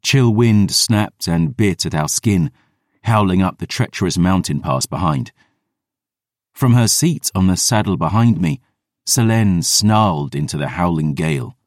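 A man narrating a fantasy audiobook in a measured, dramatic reading. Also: deep voice, expressive, no echo, clean studio sound.

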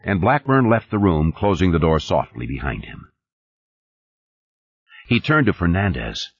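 A man narrating an audiobook in a measured, expressive way. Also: deep voice, breathy edge, no room sound. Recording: dull lo-fi audio.

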